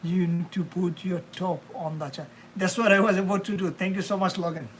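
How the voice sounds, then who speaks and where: Live streaming from his home kitchen while cooking, a young man rambles casually to viewers he calls "bro" and "man." His voice is high, steady in tone and a bit bright, he talks fairly quickly, and a little hiss or hum runs underneath.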